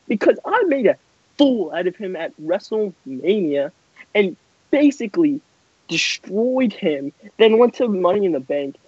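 Brief: young guy voicing a brash male wrestler, animated, slightly breathy delivery, dead-dry low-fi recording. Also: no echo, full character voice. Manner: mocking, laughing trash talk. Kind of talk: amateur wrestling promo voice-over. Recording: dry, dull lo-fi mic.

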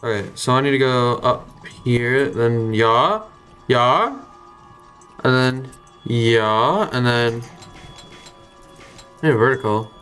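A man's voice: medium pitch, slow, long pauses. Young guy streaming a game, jumpy and sweary, talking himself through puzzles, faint music behind. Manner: excitable, swears, thinks out loud. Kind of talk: live gameplay commentary.

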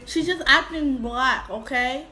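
A woman's voice: high-pitched, a little slow, pushed and bright, low-quality recording. A woman hosting a casual reaction video, blunt and outspoken in her commentary.

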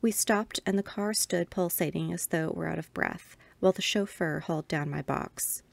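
Gravelly-voiced woman reading a ghost story. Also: on the low side, normal speed, no echo. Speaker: podcast host reading aloud.

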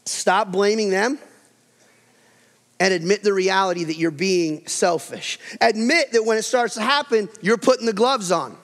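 A man preaching a sermon as pastor, animated, acting out everyday quarrels with a rising voice. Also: high-pitched. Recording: long hall reverb.

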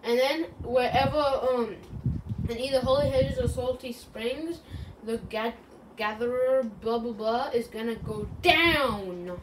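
A woman's voice: fairly high pitch, slow. A woman rambling through silly, self-joking commentary while playing a video game. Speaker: gaming channel host. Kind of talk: casual gameplay commentary. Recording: distant mic with clear background noise.

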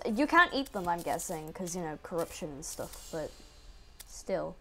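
A woman giving casual let's-play commentary, excitable, yelping at enemies and muttering to herself. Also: on the low side, a little slow, soft background music. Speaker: gaming video creator.

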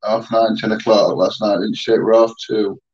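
Brief: older man, off-mic co-host, low husky voice, distant and dull. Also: little pitch movement, fairly quick. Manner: quiet, chips in from the side. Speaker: co-host off camera.

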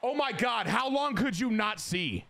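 A young man hosting a gaming channel, giving excited commentary on his baseball video game and cheering and shouting at the plays. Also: very high-pitched, unhurried, creaky, soft background music. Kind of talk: excited live gameplay commentary.

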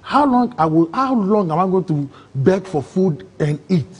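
Husky high-voiced Ghanaian man. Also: moderate pace. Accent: Ghanaian English. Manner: animated storyteller, acts out quoted voices. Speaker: interview guest. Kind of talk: emotional personal testimony.

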